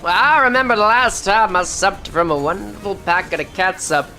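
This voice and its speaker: A woman's voice: mid-range voice, animated, normal speed, sharp tone, soft background music. A woman putting on the voice of a rambling, folksy old grandfather, telling a tall tale in a drawling old-timer manner.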